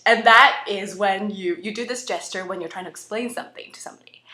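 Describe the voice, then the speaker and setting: Playful bright-voiced young woman. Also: mid-range voice, fairly quick, few pauses. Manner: playful, chatty, animated. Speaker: host audition contestant. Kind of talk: comedic audition demo. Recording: roomy echo.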